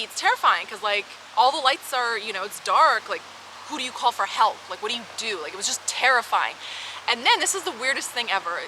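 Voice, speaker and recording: A young woman vlogger telling her own stories in a frank, animated way, swearing and laughing as she goes. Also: fairly high pitch, noisy background. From Canada. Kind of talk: casual storytelling to camera.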